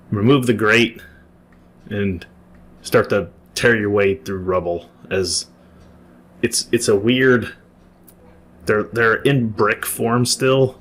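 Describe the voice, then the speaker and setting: A man's voice: on the low side, slightly rough. A man narrating a tabletop game as game master, describing scenes at length with frequent restarts.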